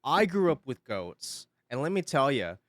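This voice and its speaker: A male streamer chats casually with his audience. His pitch swings widely as he tells his story, and he swears freely and laughs often. The sound is dry and close, with no room echo. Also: sing-song, moderate pace. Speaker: livestreamer.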